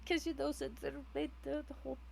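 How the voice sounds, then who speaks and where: A woman's voice: sits high, level tone, quick pace, vocal fry, low-quality recording. A woman playing a tabletop game, rambling and correcting herself, swearing casually as she talks. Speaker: player. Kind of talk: casual tabletop role-play.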